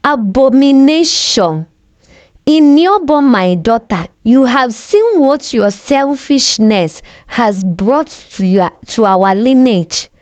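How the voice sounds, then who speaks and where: An older father scolds his daughter at full voice. A woman narrator voices him, pitched up and dry. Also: expressive, slow pace, dry recording. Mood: scolding. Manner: shouting, scolding.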